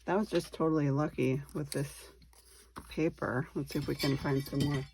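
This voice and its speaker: A woman's voice: low voice, fairly even intonation, moderate pace, gravelly, a little mellow, a little hiss or hum. A woman hosting a casual craft tutorial, chatting and thinking aloud as she works, easy on her own mistakes. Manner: chatty, thinking aloud while working, self-deprecating. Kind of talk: casual step-by-step craft demonstration.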